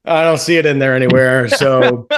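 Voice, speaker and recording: A man's voice: mid-range voice, fairly even intonation, normal speed, clean tone. A man co-hosting a casual talk show, making blunt, profane remarks and drawing out his words. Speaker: podcast co-host. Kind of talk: casual chat.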